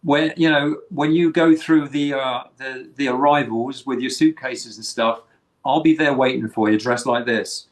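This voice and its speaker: A man's voice: medium pitch, fairly even intonation, measured pace, poor audio. London man co-hosting a chatty interview. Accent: London English. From England. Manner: chatty, rambling with restarts. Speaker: co-host. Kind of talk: casual interview chat.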